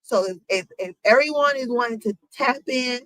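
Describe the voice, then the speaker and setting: A woman's voice: fairly high pitch, moderate pace, bright, forceful tone, dry recording, low-quality recording. A woman hosting her own commentary channel, talking casually to viewers with lots of fillers and asides. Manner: chatty, lots of fillers, addresses viewers as y'all.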